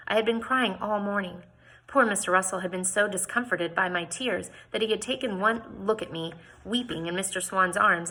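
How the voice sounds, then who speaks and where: A woman reading a novel aloud informally, expressive and lifting her voice for quoted lines, with small slips and restarts. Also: medium pitch, slightly rough, poor audio.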